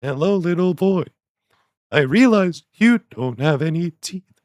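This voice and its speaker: A man putting on a creepy old man with a flat, robotic, synthesized-sounding delivery, as a comedic impression. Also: a little high, unhurried, no echo, studio quality. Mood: leering.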